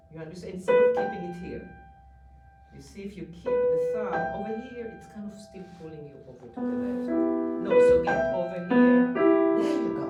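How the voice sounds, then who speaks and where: A woman coaching a student at the piano, guiding him step by step and repeating short words of praise. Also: fairly low pitch. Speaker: piano teacher. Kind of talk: hands-on music coaching. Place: room with a piano. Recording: roomy, distant mic, loud piano.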